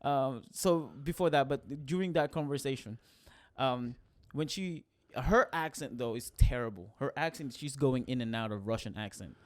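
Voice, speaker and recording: A man co-hosting a casual podcast chat, rambling and animated as he recounts scenes. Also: medium pitch, moderate pace, few pauses, no room sound. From Philippines. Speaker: podcast co-host.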